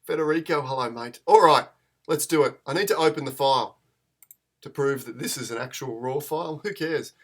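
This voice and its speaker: A man's voice: mid-range voice, fairly quick. A man, chatting in a rambling, self-deprecating way as he hosts a live photo-editing tutorial stream.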